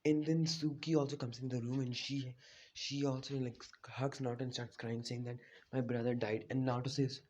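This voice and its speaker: Husky man casually retelling a fan story. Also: medium pitch, flat delivery, brisk, darkish tone. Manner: rambling, full of "you know" and "like"; loose, unpolished delivery with restarts.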